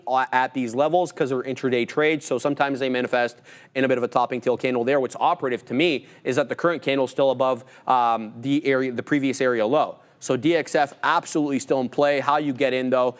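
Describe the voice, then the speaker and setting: A man with a mid-pitched voice co-hosts a live trading stream. He talks in a loose, chatty way, wanders between market notes and asides, and keeps asking questions as he goes. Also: fairly even intonation, fast talker. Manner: chatty, musing, asks rhetorical questions.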